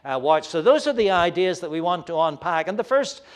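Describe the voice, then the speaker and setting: A man preaching a sermon in an earnest, searching way, often pausing and hesitating. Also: high voice, expressive.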